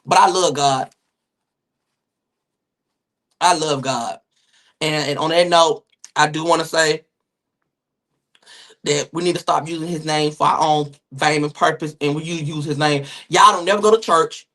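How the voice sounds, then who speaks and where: Man, gossip streamer, profane, dramatic, shouty rants. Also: steady tone, normal speed. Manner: loud, profane, dramatic rants that jump into high-pitched shouting. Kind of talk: casual live-stream commentary.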